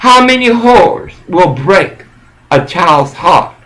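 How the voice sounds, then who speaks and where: A man with a high-pitched voice delivers a rambling monologue slowly and deliberately. He talks intensely and haltingly, circling back to repeat his phrases like a sermon. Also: very animated, a bit bright, poor audio.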